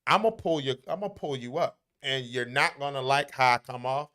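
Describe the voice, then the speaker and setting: A man's voice: medium pitch, animated, normal speed, pushed and bright. A man talking casually, blunt and profane, with emphatic, brash delivery. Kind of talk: casual chat.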